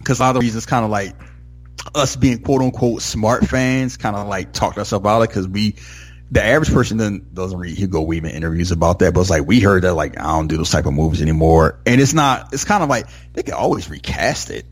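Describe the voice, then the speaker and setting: Low husky man rambling about a movie. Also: animated, fairly quick. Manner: rambling, heavy use of "like" and "you know"; enthusiastic, acts out movie lines. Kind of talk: casual movie discussion.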